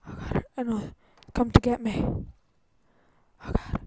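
A young woman talks her way through a video game, jumpy and easily startled, rambling to herself about what she sees. Her voice sits a little high for a woman. She comes from Canada. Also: little pitch movement, measured pace, dark tone, a little hiss or hum, rough recording. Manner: jittery, easily startled, rambling self-talk. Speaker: gaming YouTuber. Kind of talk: Minecraft let's-play commentary.

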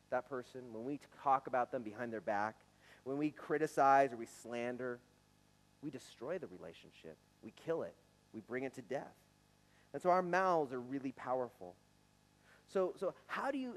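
Man, forties, pastor, earnest conversational sermon, mid-pitched voice. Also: poor audio. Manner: conversational, earnest, with some stammered restarts. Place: church sanctuary.

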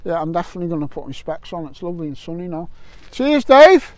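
A high-voiced English man filming himself in the fields at a detecting rally. He chats and jokes with friends, laughing a lot. The sound is close and dry. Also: fairly even intonation, racing, dark tone, dry recording. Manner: jokey and chatty, laughing often. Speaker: vlogger at a metal detecting rally. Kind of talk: casual vlog chat. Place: fields outdoors. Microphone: camera mic, wind noise at times.

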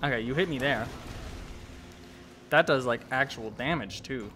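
A young man giving casual let's-play commentary, swearing and talking back to the monster, with sudden yells. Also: medium pitch, unhurried, a little hiss or hum. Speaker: gameplay commentator.

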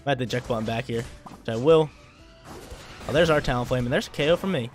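Male gaming creator, mid pitch, quick trash-talk commentary. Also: faint music behind. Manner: hyped, trash-talking, repeats phrases. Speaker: gameplay commentator. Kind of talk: live gameplay commentary.

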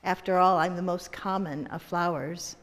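Modest little dandelion, voiced by a woman, soft and sighing, hall reverb. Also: on the low side, steady tone, normal speed, natural voice. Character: tiny shabby dandelion, modest and weary. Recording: echoey hall.

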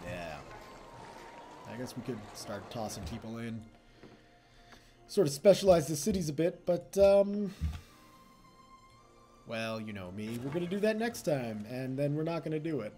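Young male let's-play host, mellow tone, lively swinging pitch, faint music underneath. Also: measured pace, long pauses. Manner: chatty, self-mocking, laughs often. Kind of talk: casual gameplay commentary.

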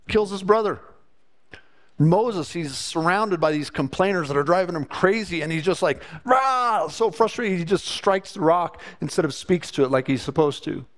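A man preaching a sermon to his church congregation. He speaks earnestly and often repeats a word as he starts a thought. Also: high-pitched. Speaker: pastor.

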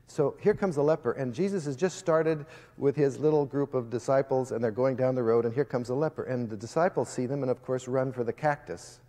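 A man's voice: mid-range voice, brisk, warm tone. A man giving an impassioned, preaching-style speech to students, telling stories and speaking directly to his listeners. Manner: emphatic, storytelling, addresses the audience directly. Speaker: guest speaker addressing students. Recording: long reverb of a large hall.

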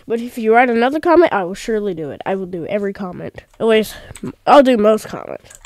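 A woman hosting a gameplay video, chatting excitedly with rambling asides into a desk microphone. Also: medium pitch, fast, no room sound, clean studio sound. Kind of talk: casual gameplay commentary.

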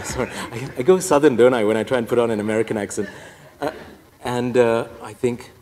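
A man's voice: medium pitch, fast talker, a little mellow. Man priest in an echoey hall. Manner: storytelling, wry and self-deprecating. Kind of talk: personal testimony talk.

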